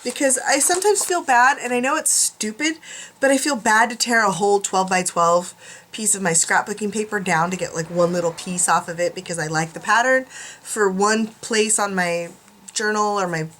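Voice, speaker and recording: A woman's voice: mid-range voice, moderate pace, fairly bright tone. A middle-aged woman vlogging in a casual, chatty, rambling way and poking fun at herself. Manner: chatty, rambling, self-deprecating. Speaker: craft vlogger. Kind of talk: casual chat.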